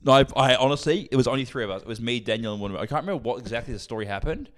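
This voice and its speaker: A man's voice: medium pitch, racing. A young man, co-hosting a casual podcast, telling a story with lots of laughs, swearing and acted-out quotes. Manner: animated, swearing, laughs a lot, acts out quotes. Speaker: podcast co-host.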